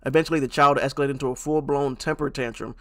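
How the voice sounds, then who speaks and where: A young man streaming and reacting to online posts. He swings from loud outbursts to low mutters and restarts his sentences often. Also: steady tone, fast talker. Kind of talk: live-stream reaction commentary.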